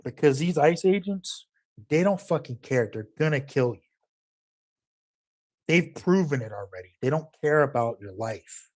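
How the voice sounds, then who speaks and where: A man's voice: on the high side, expressive, measured pace. A man delivering a heated, profane political rant as a commentator, emphatic and angry throughout.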